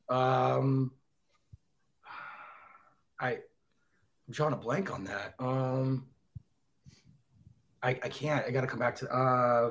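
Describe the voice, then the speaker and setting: A middle-aged man as a podcast guest, an excitable storyteller who acts out quotes in casual chat. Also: mid-range voice, vocal fry, a little hiss or hum. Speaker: podcast guest, former celebrity reporter.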